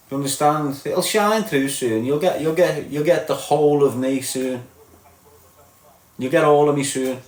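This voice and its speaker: A middle-aged man with a Liverpool accent, ranting bluntly and mockingly at viewers on a live stream, tagging his lines with "lad" and "mate". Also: medium pitch. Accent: Liverpool (Scouse). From Liverpool, England. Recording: roomy echo.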